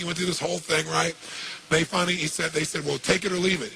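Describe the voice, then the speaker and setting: A man speaking as a motivational speaker, telling a story in an animated way and throwing rhetorical questions at his audience. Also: on the high side, fast, vocal fry, slight background noise. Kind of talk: storytelling talk. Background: music.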